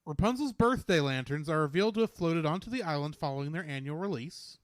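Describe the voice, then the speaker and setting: A man co-hosts a podcast, reading out trivia and joking in a casual chat. His voice sits a little high and moves up and down a lot. The sound is dry and close to the mic. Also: animated, dry recording. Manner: reads out trivia, playful and quick-witted. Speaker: podcast co-host.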